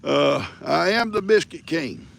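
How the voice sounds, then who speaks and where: Gravelly older man. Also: a little high, animated, unhurried, a bit bright. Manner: folksy, teasing, chatty. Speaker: livestream host. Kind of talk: casual rambling storytelling.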